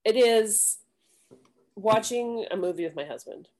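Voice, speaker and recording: A woman's voice: medium pitch, measured pace, darkish tone. A woman co-hosting a podcast, telling a playful complaint about her husband. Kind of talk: casual podcast chat.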